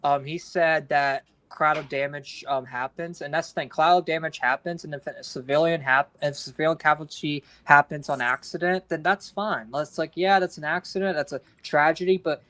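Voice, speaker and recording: A man's voice: on the high side, steady tone, a little fast, hardly any pauses, sharp tone. A man co-hosting a podcast, ranting in heated, profane casual chat with frequent restarts. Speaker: podcast co-host.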